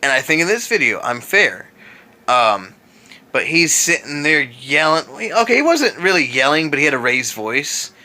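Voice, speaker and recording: A man's voice: on the high side, sing-song, normal speed, bright, forceful tone. A tired young man in bed, venting about an old boss in a casual vlog rant with sarcastic asides. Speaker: vlogger. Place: in bed at home.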